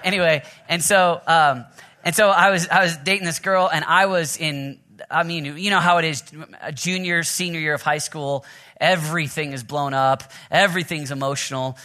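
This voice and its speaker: A man in his thirties preaching a sermon, energetic and fast, often restarting his sentences. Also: a little high. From Oklahoma. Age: 30s. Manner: energetic, fast, self-interrupting with restarts and laughs. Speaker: pastor.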